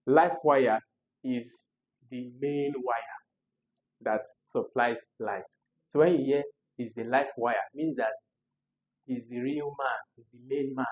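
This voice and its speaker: A tutor with a Nigerian accent explaining exam questions, chatty and quick to laugh, asking the listener rhetorical questions. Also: medium pitch, steady tone, phone-quality sound, a little hiss or hum.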